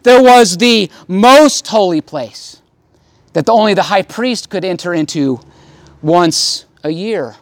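At an outdoor service beside a tent, a male pastor preaches in a high, expressive voice, taking his time, and there is no echo. His emphatic sermon leans on repetition, rising in intensity and then falling quiet to stress key points.

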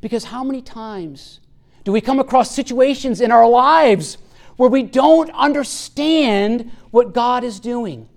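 A man preaching a sermon in an earnest, emphatic way, often dropping his voice low and soft to stress a point. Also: measured pace, creaky. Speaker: pastor.

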